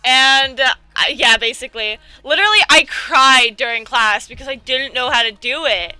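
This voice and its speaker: A woman's voice: high-pitched, normal speed, sharp tone, clear, resonant tone, no room sound, faint music behind, rough recording. A young woman in casual chat, rambling through a story with lots of "like", swearing freely and acting out what others said. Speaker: co-host.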